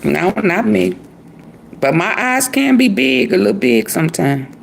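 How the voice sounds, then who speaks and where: A woman giving casual gossip commentary, animated and laughing often. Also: a little slow, vocal fry, a little hiss or hum. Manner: animated, laughs often, mimics with shrieking high voice. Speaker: commentary vlogger.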